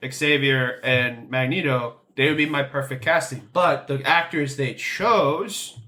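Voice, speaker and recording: A man's voice: medium pitch, sharp tone. A man co-hosting a podcast, giving firm opinions in casual chat, often restarting his sentences. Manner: opinionated, talks in quick bursts with restarts. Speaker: podcast co-host.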